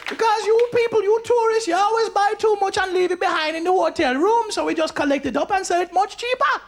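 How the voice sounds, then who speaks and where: A man voicing a shrewd, blunt old female hotel cleaner with a Jamaican accent, in a shrill, high put-on voice. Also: brisk, slight background noise. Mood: scolding. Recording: loud audience laughter over live stage mic.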